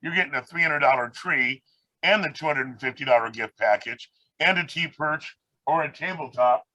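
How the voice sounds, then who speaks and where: A man's voice: fairly high pitch, normal speed, sharp tone, no echo, poor audio. A man on a video call telling long rambling stories about his life and his birds, acting out the people he quotes. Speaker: guest speaker, parrot rescue founder. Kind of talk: casual storytelling on a video call.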